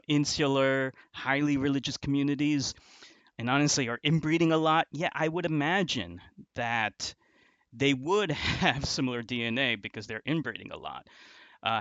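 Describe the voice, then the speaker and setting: A man's voice: mid-range voice, fairly bright tone, no echo, dull audio. A man hosting commentary, talking with contempt and often restarting his sentences. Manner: contemptuous and insulting, with frequent restarts. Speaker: commentary video host. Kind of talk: scornful commentary reacting to an online argument.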